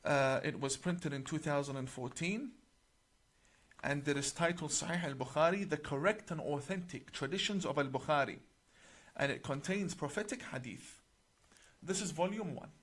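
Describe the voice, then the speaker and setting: A middle-aged imam with a slightly high, a bit bright voice walks viewers through a religious book on camera. Speaking deliberately and with emphasis, he slows for key words and recites passages in Arabic.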